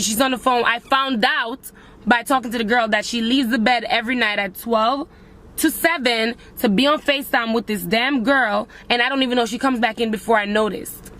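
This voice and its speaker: Young woman, emotional vlogger, slightly high voice, confessional and raw. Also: fairly bright tone. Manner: emotional, addresses viewers as guys. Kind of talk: emotional personal vlog.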